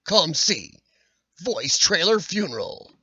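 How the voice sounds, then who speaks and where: A man putting on a dramatic male movie-trailer narrator voice, slow and weighty, over a dull, dry webcam recording. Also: high-pitched, very animated, bright, forceful tone, slightly rough, no room sound, exaggerated voice.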